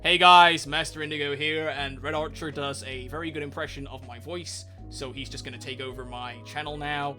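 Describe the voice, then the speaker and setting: A man's voice: fairly high pitch, fairly even intonation, moderate pace, hardly any pauses, music in the background, natural voice. A man putting on an impression of an upbeat male YouTuber greeting his viewers in breezy channel-intro patter. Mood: chirpy.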